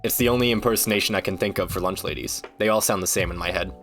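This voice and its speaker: A man's voice: low voice, rapid-fire, fairly bright tone, faint music behind. A man streaming, ranting casually in a rambling, joking, foul-mouthed way. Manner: rambling, profane, joking rants.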